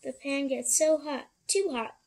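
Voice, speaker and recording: A woman's voice: sits high, a little slow, a little mellow. A woman voicing a timid, worried mother cat in a picture book, reading anxiously.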